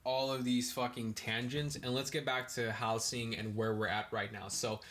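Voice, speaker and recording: A man's voice: mid-range voice, normal speed, a little hiss or hum. Slangy, ranting young man. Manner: slangy and profane, full of "bro" and "dude", rambling tangents; ranting, animated bursts. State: high. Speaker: podcast host. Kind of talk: casual rambling monologue.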